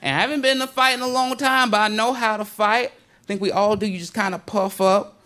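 A male stand-up comedian telling a story in an animated, conversational way and slipping into voices for the people in it. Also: sits high, brisk.

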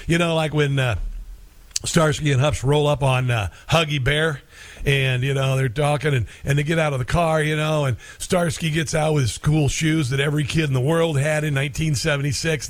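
A man's voice: on the high side, fairly even intonation, normal speed, no room sound. A middle-aged man hosting talk radio in a rambling, folksy monologue full of fillers.

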